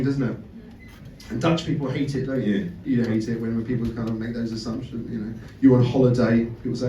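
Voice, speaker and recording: A man's voice: medium pitch, fairly quick, mellow, slight background noise. A man from Britain with a British accent doing a sweary, self-mocking stand-up comedy set in a club, with audience laughter behind him. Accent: British English. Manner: chatty, sweary, self-mocking, stammers on restarts. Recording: roomy live club sound from a distance. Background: audience laughter and chatter.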